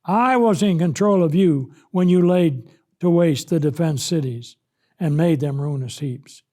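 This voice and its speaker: A man with a high, mellow voice preaching slowly and emphatically through a Bible lesson. He leans hard on key words and swells louder when giving voice to the scripture. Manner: slow, emphatic, rises loud when voicing God.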